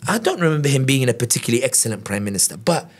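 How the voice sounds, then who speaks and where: A man from the United Kingdom giving lively conversational analysis as a podcast guest, often acting out quotes. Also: mid-range voice, breathy edge. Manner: animated, quick, acts out quotes in other voices. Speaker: guest commentator.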